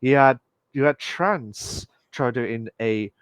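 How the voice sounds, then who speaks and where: A man's voice: mid-range voice, measured pace, clean tone, no echo. A man co-hosting a casual podcast, rambling a little and thanking the viewers. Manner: rambling, thanks the chat often. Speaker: podcast co-host. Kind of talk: casual chat.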